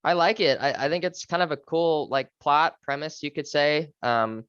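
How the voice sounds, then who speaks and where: A man co-hosting a podcast, talking about books in a relaxed, easygoing way with hesitant fillers. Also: a little high, normal speed, clean tone, dry recording, muffled recording. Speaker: podcast co-host. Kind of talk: casual book chat.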